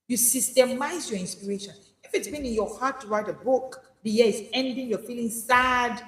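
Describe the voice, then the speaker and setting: A woman's voice: fairly high pitch, moderate pace, hardly any pauses, a bit bright. A woman teaching a motivational session, stressing and repeating her key phrases. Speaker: speaking coach. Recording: echoey hall with long reverb.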